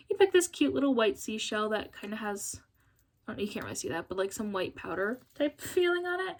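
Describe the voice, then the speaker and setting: Chatty young woman reading tarot. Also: fairly high pitch. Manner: chatty, apologetic, laughs often. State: tired, yawning. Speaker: tarot reader. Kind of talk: casual tarot reading to camera.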